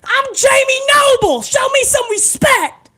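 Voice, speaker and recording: A man putting on a shrill, brash trailer-park wrestler. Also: lively intonation, measured pace, noisy background. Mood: cocky, brash. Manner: brash, shouting, boastful.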